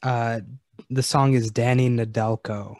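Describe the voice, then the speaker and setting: A man's voice: mid-range voice, little pitch movement, unhurried, a little mellow, no room sound, clean studio sound. A man co-hosting a film podcast in a casual chat. He is easygoing and hedges his points with "like". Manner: easygoing, hedging with "like". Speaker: podcast co-host. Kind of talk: casual movie discussion.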